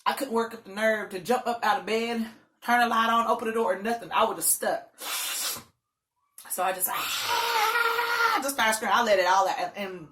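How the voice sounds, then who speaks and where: A woman vlogger telling a story in a loud, animated, dramatic way. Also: a little high, brisk. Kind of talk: casual storytelling.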